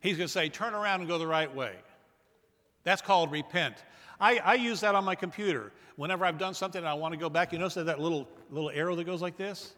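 A male pastor preaches with a bright, ringing voice pitched a little higher than most men. His delivery is emphatic, rising loud and then dropping to a hush. The sound carries the long reverb of a big church hall. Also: fast talker. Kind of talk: sermon.

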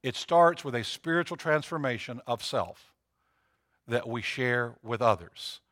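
A man's voice: medium pitch, measured pace, fairly bright tone. A man preaching a sermon to his congregation, talking casually with emphatic repetitions and swelling to fervent peaks. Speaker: pastor.

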